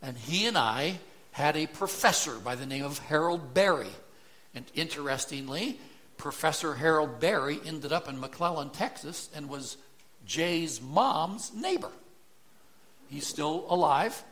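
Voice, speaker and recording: Slow, bright-voiced man preaching. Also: a little high, lively intonation. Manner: conversational, tag questions like "right?". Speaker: pastor. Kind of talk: sermon.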